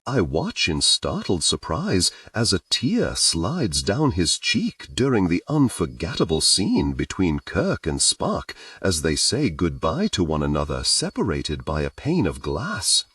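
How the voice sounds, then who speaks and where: A man with a deep, low voice narrates a first-person audiobook, reading with lively expression. His pitch rises and falls dramatically across every phrase. The recording is dry, with the mic set a little away from him. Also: no echo, distant mic.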